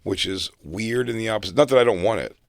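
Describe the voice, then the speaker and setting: A man's voice: fairly low pitch, fast talker, no room sound, clean studio sound. A man on a podcast, telling rambling, profane stories in casual chat and laughing through them. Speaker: podcast co-host.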